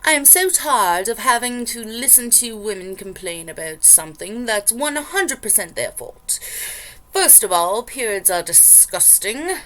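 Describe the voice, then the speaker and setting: A woman's voice: on the high side, animated, a little slow, sharp tone, poor audio. A woman voicing a scornful online poster, reading his rant aloud in a put-on accent.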